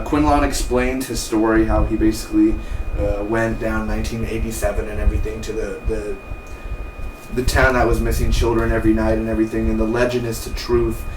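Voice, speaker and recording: A man casually recapping a TV episode, rambling and acting out the characters' lines in quick offhand impressions. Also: lowish voice, flat delivery. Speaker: TV review vlogger. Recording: roomy, distant from the mic, faint noise.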